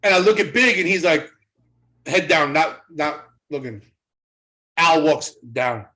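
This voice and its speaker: A middle-aged man, a guest in an interview, telling a story in a casual, animated way, often repeating his words as he goes. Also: fairly high pitch, a little slow. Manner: animated retelling, acts out quoted voices, repeats words. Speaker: interview guest, former wrestling trainer.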